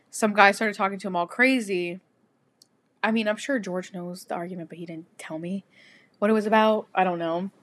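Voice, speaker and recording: A young woman co-hosting a podcast, telling a story in a crude, animated, casual way. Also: medium pitch. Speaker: podcast co-host. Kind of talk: casual chat.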